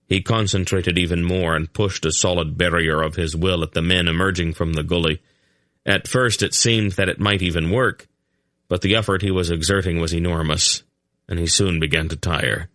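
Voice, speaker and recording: A man narrating an audiobook in a steady, measured way. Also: sits low, no echo, clean studio sound. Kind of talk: scripted narration.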